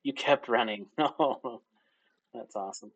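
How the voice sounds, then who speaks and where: A man's voice: mid-range voice, a little slow, husky. A young man narrating as game master in casual, laugh-filled speech with many fillers.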